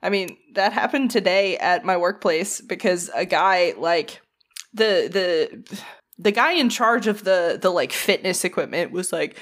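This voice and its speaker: A woman's voice: on the low side, animated, a little slow. A woman in her thirties co-hosting a podcast, telling stories in a blunt, teasing, casual way. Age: 30s. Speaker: podcast co-host. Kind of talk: casual chat.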